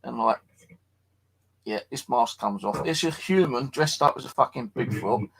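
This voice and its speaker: Gravelly, husky man, tired. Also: medium pitch, moderate pace, fairly bright tone, low-quality recording. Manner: rambling, swears freely, chats to viewers. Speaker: paranormal live streamer. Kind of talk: casual late-night live stream chat. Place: his flat at night.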